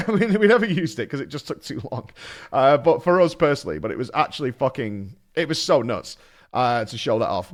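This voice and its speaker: Animated man telling stories. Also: mid-range voice. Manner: animated storytelling, swearing and laughing. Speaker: streamer. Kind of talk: casual chat.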